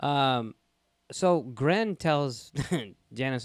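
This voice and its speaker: A man's voice: mid-range voice, animated, normal speed, clear, resonant tone, no echo, studio quality. A young man co-hosting a casual podcast, retelling a TV episode with swearing and little acted-out quotes. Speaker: podcast co-host. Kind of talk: casual chat.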